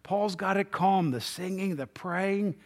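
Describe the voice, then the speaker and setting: A man's voice: sits high, a little slow, gravelly. Man preaching with rising questions. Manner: conversational preaching, rhetorical questions, swings from loud to hushed. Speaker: pastor. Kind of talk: sermon. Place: church sanctuary.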